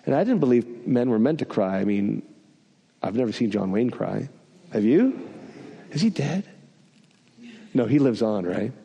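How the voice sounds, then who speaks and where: A man's voice: medium pitch, big pitch swings, unhurried, creaky, long pauses, mellow, big-room sound, dull audio. A man preaching a sermon, telling a personal story with self-deprecating humor.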